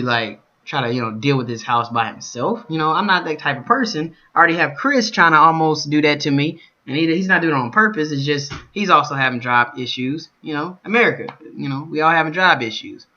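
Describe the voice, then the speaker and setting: A young man vlogging, telling a story, shifting from calm recounting to loud cursing rants. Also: a little high, highs cut off. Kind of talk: storytelling vlog.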